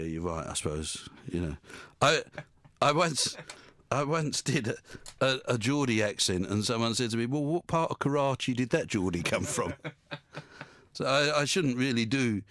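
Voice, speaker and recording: A man's voice: fairly low pitch, fairly bright tone, no echo. A male radio presenter chatting casually in a studio, rambling and joking and laughing at his own quips.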